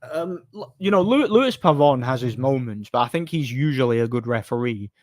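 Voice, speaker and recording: Man, stream host, middle-pitched voice, blunt and rambling, dry sound. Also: animated, normal speed, a little mellow, dry recording. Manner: blunt, opinionated, rambling with restarts. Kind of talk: casual stream talk, reading chat.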